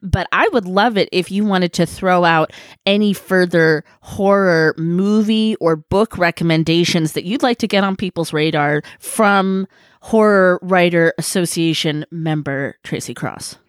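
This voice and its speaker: A woman's voice: lowish voice, unhurried, smooth, no echo, clean studio sound. A woman hosting a casual interview, asking questions in a friendly, encouraging way. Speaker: podcast host.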